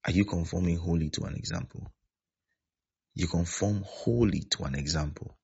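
A man's voice: low-pitched, normal speed, creaky, darkish tone, breathy edge. A man preaching a sermon as pastor, repeating his points and often asking whether his listeners are following. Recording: dull lo-fi sound.

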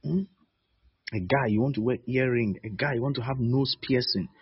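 A man's voice: medium pitch, normal speed, slightly rough, dry recording, highs cut off. A man preaching a sermon as pastor, conversational and teasing, laughing between points.

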